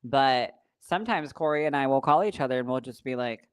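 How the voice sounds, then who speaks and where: Deep-voiced lady cohost, frank reassuring advice, bit sassy, casual chat. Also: lively intonation, fairly quick, clean tone. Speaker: podcast co-host.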